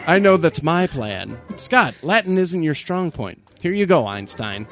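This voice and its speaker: A man's voice: a little high, big pitch swings, normal speed, a bit bright, soft background music. A man co-hosting a comedic podcast, reading listener messages aloud and laughing often between lines.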